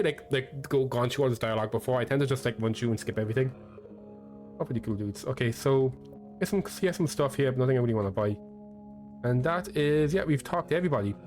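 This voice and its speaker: A man's voice: mid-range voice, a little mellow. A man casually commenting on a video game playthrough in an easygoing, chatty way. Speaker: let's play host.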